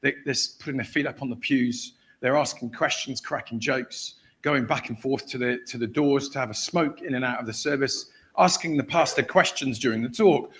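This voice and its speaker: A man's voice: medium pitch, moderate pace, hardly any pauses. A man preaching at a church, telling a story with acted-out voices and frequent laughter. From England. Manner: animated storyteller, acts out shouted voices, laughs often. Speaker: guest preacher. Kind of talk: sermon storytelling.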